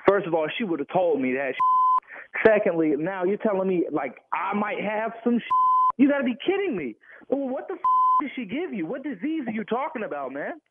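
A man's voice: high voice, very animated, normal speed, slight background noise. A man on a phone call, agitated and swearing as he demands answers. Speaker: prank call target. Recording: tinny phone line.

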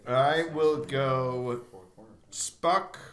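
Teasing podcast co-host guy, crisp bright voice, roomy sound. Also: mid-range voice, steady tone, extremely slow. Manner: teasing, profane. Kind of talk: rowdy casual podcast banter.

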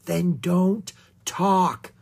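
Storybook boy, cautious and worried, breathy hushed warnings, voiced by the narrator. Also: medium pitch, animated, measured pace, voice pushed up. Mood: tense whisper.

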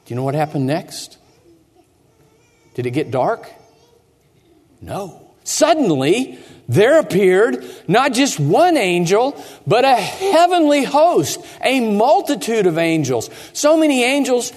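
Man, pastor, slow dramatic storytelling, echoey church hall. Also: very high-pitched, sing-song. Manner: theatrical, drops to hushed tones and asks the children questions. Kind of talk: dramatic first-person storytelling for children. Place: church sanctuary.

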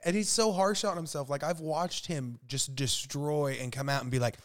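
A man, a comedian, chatting casually with dry, relaxed banter and some swearing. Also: a little high, normal speed. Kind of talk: casual chat.

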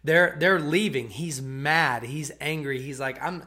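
Male preacher, slightly high voice, casual conversational sermon, checks in with listeners often. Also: a little slow, bright, forceful tone. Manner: conversational, checks in with "okay?" and "right?"; repeats and restarts words as he retells.

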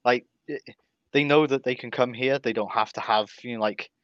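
A man chatting on a podcast, hesitant and soft-spoken. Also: mid-range voice, fairly even intonation, moderate pace, no echo. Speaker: community co-founder. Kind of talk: casual podcast chat. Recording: dry, dull lo-fi audio.

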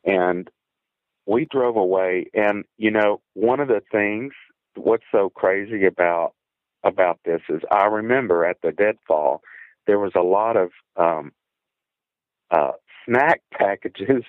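Deep-voiced man over a tinny phone line. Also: dry recording. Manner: earnest, halting, repeats words when tense. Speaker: guest telling a personal encounter story. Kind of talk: first-person encounter story.

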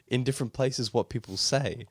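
A man's voice: medium pitch, unhurried, breathy edge, dry recording. A man co-hosting a podcast in casual chat, agreeable, chiming in often and laughing while explaining himself. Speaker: podcast co-host.

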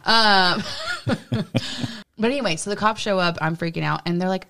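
A woman's voice: medium pitch, a little slow, pauses often, bright, forceful tone. A young adult woman from Illinois co-hosting a podcast, chatty with many "like" fillers, mixing casual talk with reading notes aloud. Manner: chatty, frequent "like" fillers, laughs often. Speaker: podcast co-host.

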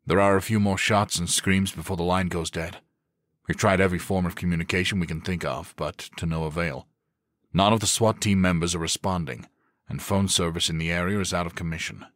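A man's voice: low voice, fairly even intonation, a bit bright, no room sound, studio quality. A man voicing a somber police captain briefing his team in an audiobook. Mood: grave. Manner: grave, measured. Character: somber middle-aged male police captain.

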